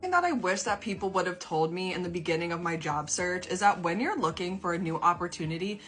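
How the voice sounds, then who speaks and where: Sarcastic young woman, low voice. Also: lively intonation, quick pace, a bit bright. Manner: sarcastic, exasperated, swearing. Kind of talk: storytime vent to camera.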